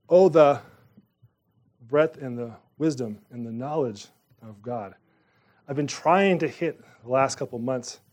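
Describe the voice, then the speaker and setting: A man's voice: fairly high pitch, a little mellow. A man preaching a sermon in a casual, conversational way, with emphatic rises in his voice. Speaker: pastor.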